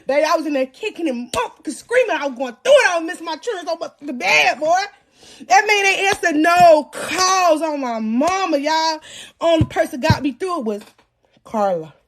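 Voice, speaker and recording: Speaking at a normal speed in an extremely high-pitched voice, a young woman hosting a live podcast shares a personal story with her audience. She's slangy and animated, frequently shouting out to the crowd.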